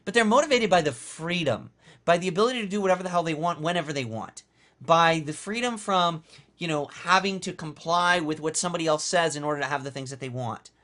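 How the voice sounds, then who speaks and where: A man giving a motivational lecture for an online course. He speaks with animated emphasis, swinging between loud, high stresses and soft, low asides, and he often repeats his key lines. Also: quick pace. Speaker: course instructor.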